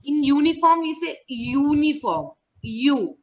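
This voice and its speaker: A woman's voice: fairly high pitch, a little slow, sharp tone. A woman teaching an online class, patiently repeating words and checking that students follow. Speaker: English teacher. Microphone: video call. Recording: muffled online call audio.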